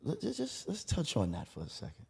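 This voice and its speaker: A man co-hosting a podcast, asking questions in a measured, lively way. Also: fairly high pitch, vocal fry, breathy edge. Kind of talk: casual interview chat.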